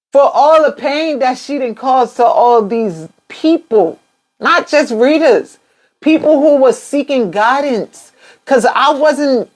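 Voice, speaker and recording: A young adult woman speaking as a tarot reader on a casual live stream, her voice sitting a bit high. She tells her story with spirited quoted asides and blunt swearing.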